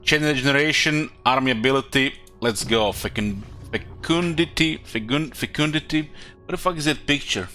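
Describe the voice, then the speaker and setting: A man's voice: mid-range voice, a little fast, few pauses, pushed and bright. A tired man streaming and commenting casually on a strategy game, thinking aloud with loose rambling sentences. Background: faint game music.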